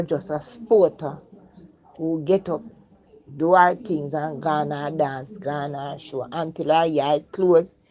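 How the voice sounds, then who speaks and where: An older woman from Jamaica with a Jamaican accent, telling a personal life story in patois in a reflective way, her voice dropping soft when she speaks of the dead. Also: deep voice. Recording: dull lo-fi recording.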